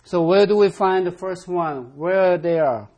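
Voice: medium pitch, a little slow, darkish tone. A Bible study teacher leading an interactive class, calling on members to read verses aloud and stressing key words with emphatic repetition.

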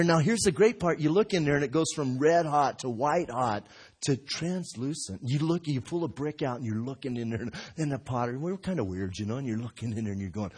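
A middle-aged pastor preaches in church, telling folksy stories and acting out voices with big leaps in pitch and loudness. He speaks fast, with a husky voice.

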